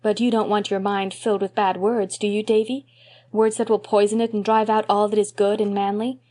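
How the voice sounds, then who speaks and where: A woman reading an audiobook, voicing a gentle, patient young woman who speaks softly and reassuringly. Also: medium pitch, flat delivery, fairly quick, close to an everyday voice. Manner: gentle, soft-spoken, reassuring.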